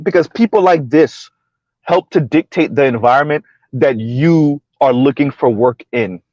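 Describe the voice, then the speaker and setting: A man's voice: medium pitch, unhurried, a little mellow, no echo. A man hosting a casual commentary vlog who chuckles often and keeps asking his audience "right?". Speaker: host, social commentator. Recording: dull lo-fi recording, dry.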